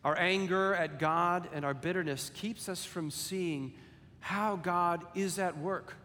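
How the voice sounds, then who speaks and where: A man preaching a sermon and reading scripture, deliberate and measured, lifting his voice for quoted lines and sinking soft on solemn ones. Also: a little high, a little hiss or hum. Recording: long hall reverb, faint ambience.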